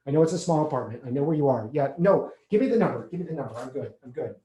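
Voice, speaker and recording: A man playing an anxious recovering alcoholic on the phone to his sponsor, halting and stammering as he repeats himself. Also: mid-range voice, lively intonation, warm tone, lo-fi sound, natural voice. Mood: subdued. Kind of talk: stage monologue acting. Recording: echoey room.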